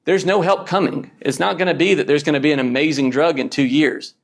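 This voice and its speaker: A man's voice: a little high, steady tone, brisk, vocal fry. A man lecturing fellow emergency doctors in a blunt, punchy way, often checking in with "okay?". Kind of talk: conference lecture.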